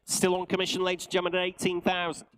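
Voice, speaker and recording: A man with a Northern English accent calling bids at a live car auction, with rapid patter and jokey asides. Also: high-pitched, completely flat delivery, fairly bright tone, clear, resonant tone, low-quality recording. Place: auction sale room.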